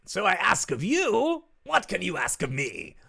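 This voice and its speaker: A man voicing a boisterous, theatrical ancient male demon lord in a tabletop game, booming and shouting his demands. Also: huge pitch swings, unhurried, creaky, slightly rough, exaggerated voice.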